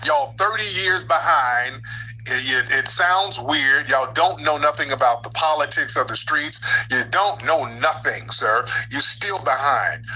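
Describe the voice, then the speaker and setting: A man's voice: on the high side, expressive, a little slow, sharp tone, breathy edge, soft background music, poor audio. A man hosting a call-in show, mocking and confronting a caller. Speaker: talk show host.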